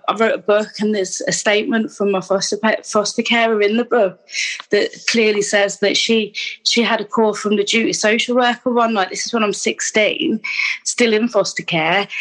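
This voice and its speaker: A woman's voice: on the high side, fairly bright tone, low-quality recording. A woman, telling her personal story in an interview in a candid, rambling way with many restarts and asides. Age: 30s. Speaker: guest.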